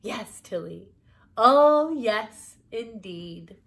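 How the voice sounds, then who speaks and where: A woman reading aloud, voicing a timid, fretful old lady in a storybook with a high, pleading voice. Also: animated, very slow, creaky, a bit bright, a little hiss or hum, exaggerated voice. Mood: delighted.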